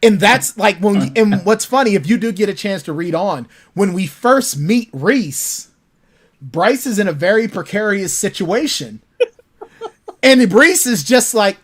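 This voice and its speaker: Male author guest, animated storyteller in casual interview chat. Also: high voice, a little slow. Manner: animated storytelling, acts out his characters.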